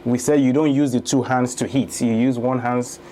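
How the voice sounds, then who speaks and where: A man's voice: mid-range voice, steady tone, normal speed, warm tone, a little hiss or hum. A man in his thirties from Lagos with a Nigerian accent, a guest telling his story in a casual interview and laughing easily. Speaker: guest, real estate investor.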